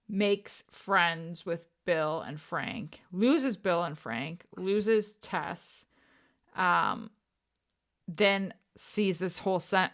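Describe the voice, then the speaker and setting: A woman's voice: on the low side, gravelly. A young woman co-hosting a podcast, thinking aloud in casual chat with fillers and restarts. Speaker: podcast co-host.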